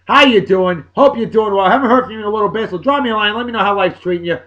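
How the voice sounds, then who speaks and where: Man, 40s, somewhat high voice, jokey, loud bursts and mumbled asides, casual vlog shout-outs. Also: very fast, highs cut off. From Massachusetts, USA. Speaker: video blog host.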